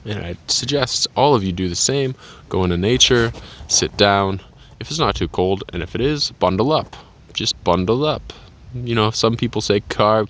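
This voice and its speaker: A young man from Canada, sitting outdoors in a tree on a farm, rambling through a casual monologue and slipping into playful put-on voices. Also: fairly low pitch. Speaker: vlogger.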